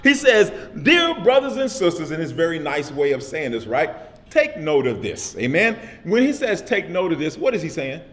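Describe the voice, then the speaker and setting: Casting: male pastor with a high voice, casual vernacular, repetitive call-and-response sermon delivery. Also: very animated, moderate pace. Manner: repetitive call-and-response preaching with frequent "amen?".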